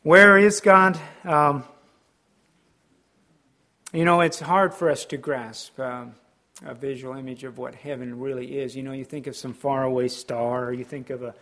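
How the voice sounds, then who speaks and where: A middle-aged man preaching a sermon, pausing often with ums and restarts as he explains scripture. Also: mid-range voice, little pitch movement, bright, forceful tone. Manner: halting, with frequent ums and restarts. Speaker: pastor.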